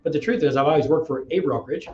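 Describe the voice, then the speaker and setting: A middle-aged man, a real estate agent, telling an energetic, persuasive story as a guest in an interview. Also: fairly high pitch, racing, reverberant, highs cut off, slight background noise. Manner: energetic, acts out dialogues, persuasive.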